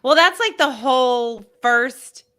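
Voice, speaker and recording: A woman hosting a casual interview, asking her questions in halting bits and restarting them. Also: sits high, pushed and bright, clean tone. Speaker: podcast host.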